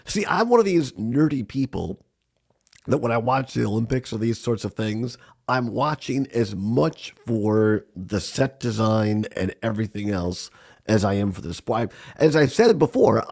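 A man hosting a radio talk show, hoarse and gravelly from a cold, chatty and rambling with frequent chuckles, in a small studio. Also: mid-range voice, animated, a little slow, darkish tone.

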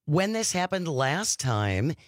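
Male talk host, emphatic and deliberate, higher voice, dry studio sound. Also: big pitch swings, dry recording. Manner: emphatic, spells points out slowly. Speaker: radio show host. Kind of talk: radio interview.

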